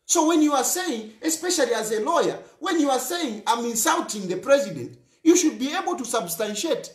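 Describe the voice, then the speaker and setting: A man's voice: extremely high pitch, expressive, a little fast, roomy sound. A Zambian man hosting a talk show, speaking in an impassioned political monologue and repeating phrases for emphasis.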